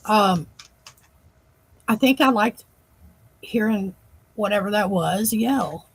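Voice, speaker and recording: A woman with a husky, gravelly voice co-hosts a live stream. She chats in a relaxed way and reacts warmly to her partner's stories. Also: medium pitch, takes it slowly, rough recording. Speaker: co-host. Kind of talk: casual chat on a live stream.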